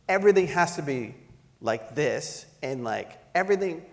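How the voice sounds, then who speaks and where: A middle-aged man telling a personal story to an audience, animated and laughing as he acts out the voices in it. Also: a little high, moderate pace, vocal fry, long reverb tail. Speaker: panel speaker. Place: lecture hall.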